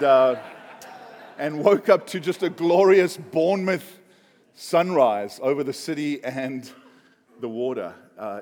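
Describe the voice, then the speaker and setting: A man's voice: on the high side, darkish tone. A man preaching a conversational sermon, joking and chatty with frequent fillers. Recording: long hall reverb.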